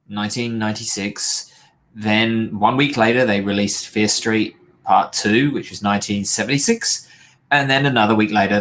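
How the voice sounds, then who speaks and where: A man's voice: lowish voice, fairly bright tone. A British man co-hosting a podcast, reviewing films with dry, teasing humor. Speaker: podcast co-host. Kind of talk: casual chat and film review.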